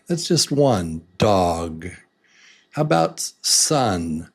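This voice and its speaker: Slow, patient man teaching English. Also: fairly low pitch, sing-song, slightly rough. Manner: slow, drawn-out words broken into beats; encouraging and patient. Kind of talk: slow beginner lesson.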